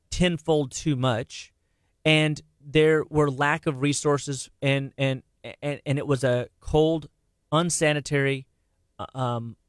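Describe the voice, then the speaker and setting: A middle-aged man talking casually about health on a radio show, animated and quick, with many restarts and repeated words. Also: mid-range voice, dry recording, clean studio sound.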